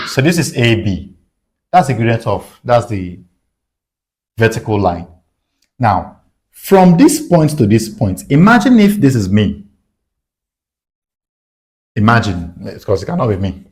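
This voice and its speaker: A man's voice: medium pitch, a little mellow. A man teaching a math lesson at a whiteboard, asking rhetorical questions and answering them himself.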